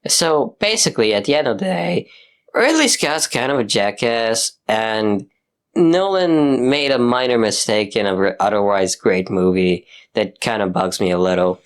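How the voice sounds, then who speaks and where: A man's voice: on the low side, lively intonation, moderate pace, smooth. A young man ranting casually about films, exasperated and full of swearing and fillers. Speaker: commentator. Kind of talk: casual rant.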